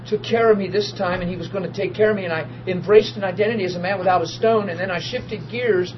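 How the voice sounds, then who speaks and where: A man tells his testimony like a preacher, his voice pitched high for a man. He drops to near-murmurs and then climbs into loud, tearful laughter. The recording is dull and lo-fi with steady noise behind him. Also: quick pace. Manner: emotional, swings from hushed to loud laughing and crying. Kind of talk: testimony storytelling.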